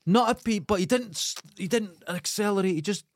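A Scottish man hosting a podcast, telling a comic story in an animated, emphatic way and swearing freely. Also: sits high, brisk, no echo, studio quality. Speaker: podcast host. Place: studio.

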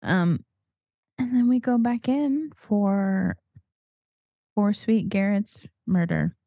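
A woman co-hosting a podcast, retelling a movie in a chatty, animated way and swearing freely. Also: mid-range voice, slow pace, no echo, studio quality. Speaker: podcast co-host. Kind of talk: casual movie recap chat.

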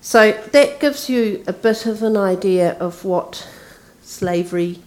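A woman preaching a sermon in a relaxed, conversational way, retelling a story. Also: mid-range voice, takes it slowly.

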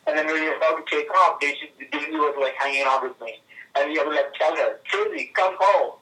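Halting man on a tinny speakerphone. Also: fairly high pitch, level tone, bright, forceful tone, far from the mic. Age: 30s. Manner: halting, many fillers and restarts. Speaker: friend calling in. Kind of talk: casual phone conversation.

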